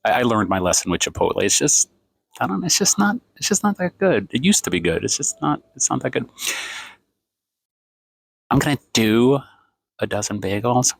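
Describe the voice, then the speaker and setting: A man's voice: mid-range voice, very animated, fast talker, creaky, slightly rough, dry recording. Sarcastic man in his fifties ranting. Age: 50s. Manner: exasperated, sarcastic, rambling. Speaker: vlogger. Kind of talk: ranting vlog. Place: café, indoors.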